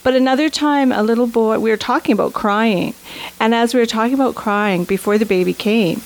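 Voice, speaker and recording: A woman who teaches a children's empathy program answers interview questions enthusiastically, often tagging her points with "right?". Her voice is a little high and brisk, on a rough recording.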